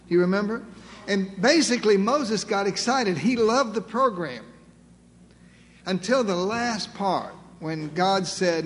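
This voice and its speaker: A man's voice: high-pitched, measured pace, big-room sound. A man preaching a sermon in a folksy, humorous way, often asking his listeners questions.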